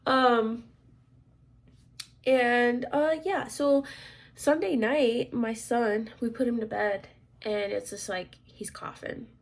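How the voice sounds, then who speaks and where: Husky gravelly woman rambling casually. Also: on the high side, steady tone, slow. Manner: rambling, lots of "like" fillers, frequent throat clearing. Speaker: crafts vlogger and military instructor. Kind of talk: casual chat.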